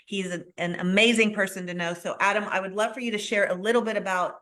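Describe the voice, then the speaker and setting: A woman's voice: medium pitch, steady tone, fast talker, a bit bright. A woman hosting a live video call, talking in an enthusiastic, effusive way. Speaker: host.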